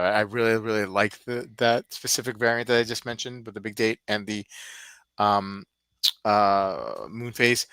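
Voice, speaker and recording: A man's voice: on the low side, pushed and bright, clear, resonant tone, no echo. A man hosting a casual live stream, rambling and thinking aloud as he browses.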